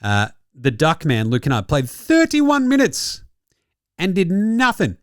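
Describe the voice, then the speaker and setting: Sweary, lively Australian man ranting. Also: a little high, measured pace, no echo, clean studio sound. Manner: profane, mocking, laughs at his own jokes. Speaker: basketball podcast host. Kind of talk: sweary comic sports rant.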